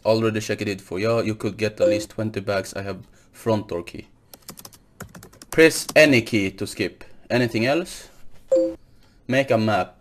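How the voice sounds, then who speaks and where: A gaming video host does let's play commentary on a horror game, jumpy and nervous, repeating his greetings and swearing when startled. He keeps insisting he's not scared. His voice sits on the low side, with slight background noise.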